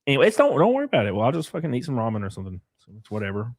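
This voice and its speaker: A man hosting a casual drinking stream, ranting loudly and profanely at his chat. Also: medium pitch, very fast. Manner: profane, loud, animated rants at chat. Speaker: streamer host.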